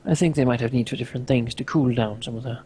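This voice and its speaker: A man's voice: medium pitch, fast talker, mellow, slight background noise, pitched below the performer's own voice, close to an everyday voice. A tabletop player voicing Laurel, a weary, pragmatic man, speaking dryly with hesitations. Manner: tired, dry, hesitant.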